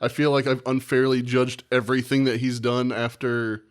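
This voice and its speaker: Male podcast co-host in his thirties, casual and animated, swears freely while acting out quotes, mid-pitched voice. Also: moderate pace, smooth. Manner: animated, profane anecdote-telling with acted quotes. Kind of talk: casual storytelling chat.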